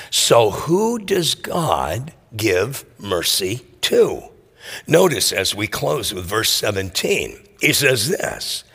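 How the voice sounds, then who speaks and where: Guy preaching, gravelly and slow, lively storyteller voice, big echoey hall. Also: on the low side. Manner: animated storytelling, acts out voices. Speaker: pastor. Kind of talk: sermon.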